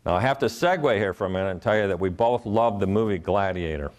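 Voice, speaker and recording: Middle-aged male keynote speaker, low register, earnest storyteller who acts out the voices in his stories. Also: lively intonation, fast talker. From Ohio. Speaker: motivational speaker.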